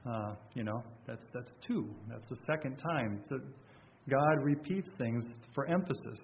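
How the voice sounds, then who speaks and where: A man's voice: mid-range voice, expressive, measured pace, lo-fi sound, a little hiss or hum. A man preaching a sermon in a conversational way, often restarting and repeating words. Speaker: pastor.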